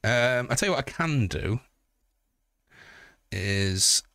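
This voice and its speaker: A man's voice: medium pitch, lively intonation, takes it slowly, bright, forceful tone, no room sound, clean studio sound. A man chatting casually on a livestream, joking and swearing as he talks to his viewers.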